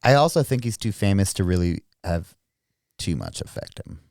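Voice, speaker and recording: A man hosting a podcast, talking in blunt casual chat full of swearing and quick restarts. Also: low-pitched, sing-song, creaky, darkish tone, no room sound, studio quality. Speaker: podcast host.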